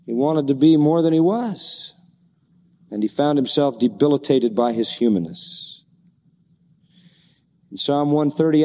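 A man's voice: fairly high pitch, measured pace, warm tone, in a large hall. A man preaching a sermon as a pastor, asking repeated rhetorical questions and reading scripture aloud in old-fashioned wording.

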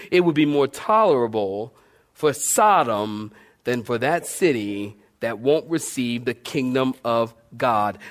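Animated man preaching a sermon. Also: medium pitch. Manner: animated storyteller, repeats phrases, asks the congregation questions. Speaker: pastor. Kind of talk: sermon with a humorous personal story.

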